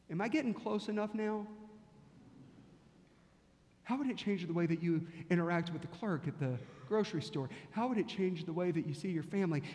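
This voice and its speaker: A man's voice: high-pitched, a little mellow, long reverb tail. A male pastor preaching a sermon, telling a story and firing off repeated rhetorical questions.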